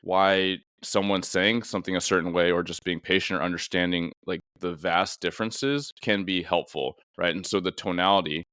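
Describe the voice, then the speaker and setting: A man's voice: low-pitched, steady tone, normal speed, few pauses, a bit bright, smooth, no room sound, studio quality. A man hosting a casual interview conversation, a police officer, thoughtful and rambling with many fillers. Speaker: podcast host and police officer.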